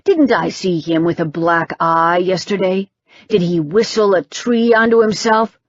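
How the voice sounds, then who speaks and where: A woman voicing a gruff, hot-tempered older father, blunt and curt. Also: on the low side, measured pace, dry recording, muffled recording.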